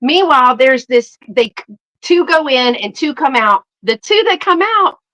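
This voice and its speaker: Woman host, middle-aged, bright and higher-pitched, animated storyteller who acts out every quote. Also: measured pace, rough recording. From Southern United States. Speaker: live sale host. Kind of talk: casual storytelling chat.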